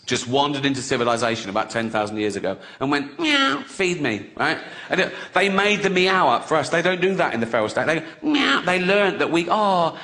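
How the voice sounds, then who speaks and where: A middle-aged man doing a stand-up routine, crude and mocking, acting out silly voices. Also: fairly high pitch. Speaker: stand-up comedian. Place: stage before a live audience. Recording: loud background noise from a live crowd. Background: loud audience laughter.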